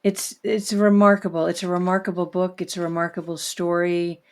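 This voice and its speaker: A woman's voice: on the low side, little pitch movement, normal speed. A woman hosting an interview, praising her guest effusively and repeating herself for emphasis. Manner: effusive, full of praise and repetition. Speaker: podcast host.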